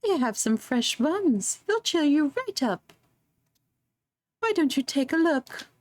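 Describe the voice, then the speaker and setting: A woman voicing a kindly tiny old village granny who sells bread, in a sweet, fussing, drawn-out lilt. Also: high-pitched, sing-song, darkish tone, dry recording, voice pushed up, heavily acted. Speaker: streamer voicing game dialogue.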